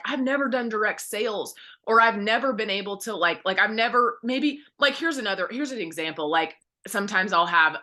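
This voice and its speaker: Brief: woman, 30s, team leader, bright voice, candid and rambling, pep-talk delivery. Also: lowish voice. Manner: candid, encouraging, rambling with many fillers. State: close to tears. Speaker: direct sales team leader. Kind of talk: motivational team call talk.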